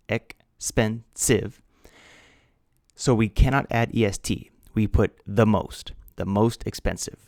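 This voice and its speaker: Male ESL teacher, recorded lesson; measured and patient, spells things out; lowish voice, dry sound. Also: a little mellow, no room sound.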